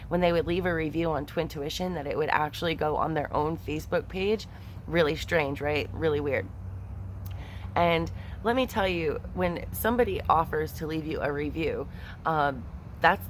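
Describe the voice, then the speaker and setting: A woman's voice: low voice, a little hiss or hum. A woman tarot reader chatting casually and expressively to her viewers, with many fillers. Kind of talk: casual chat to camera.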